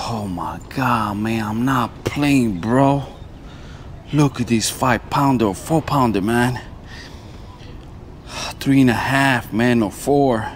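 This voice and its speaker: A man vlogging while fishing outdoors on a lapel mic, talking casually and excitably, with "man" and "bro" in every sentence. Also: on the low side, a little hiss or hum. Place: outdoors by the water.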